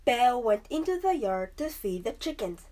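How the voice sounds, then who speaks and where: A woman reading a storybook aloud as narrator, measured and expressive. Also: a little high.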